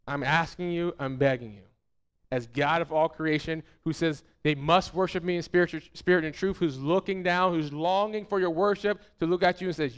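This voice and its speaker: A pastor preaches a fervent, emphatic sermon at a moderate pace. He repeats phrases and drops soft and low at the end of his points.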